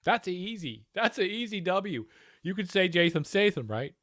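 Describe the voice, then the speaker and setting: A man's voice: sits high, very animated, moderate pace, fairly bright tone, no room sound, studio quality. A man streaming from home, giving casual, profane, sarcastic commentary as he reacts to a news panel. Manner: profane, sarcastic, talks over the clip.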